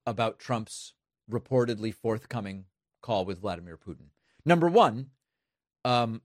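A man's voice: medium pitch, no room sound, clean studio sound. A man delivering emphatic, sarcastic political commentary. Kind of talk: opinion commentary.

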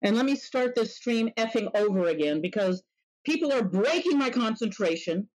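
A woman's voice: on the high side, lively intonation, normal speed, a little mellow, poor audio. A woman live streaming from her desk in a small room, irritated and sarcastic, swearing as she rants. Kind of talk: ranting live stream talk.

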